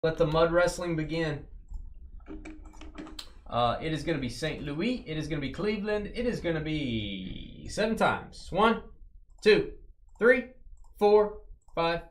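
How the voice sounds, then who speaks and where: A man's voice: a little high, animated, normal speed, slight background noise. A man hosting a live card break stream, reading out cards and teasing his viewers and co-host in a joking, rambling way.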